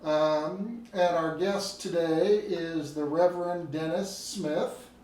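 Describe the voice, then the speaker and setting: A man who is a library dean, asking casual, slightly halting questions in an oral history interview. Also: fairly high pitch, darkish tone. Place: interviewee's apartment. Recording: distant mic in a roomy room with faint noise.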